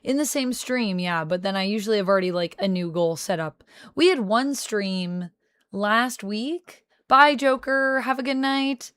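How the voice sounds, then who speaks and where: A young woman streaming from home, chatting casually with her viewers and thinking out loud into a close mic. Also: medium pitch, unhurried, clear, resonant tone, no room sound. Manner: chatty, talks to chat, thinks aloud. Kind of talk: casual livestream chat.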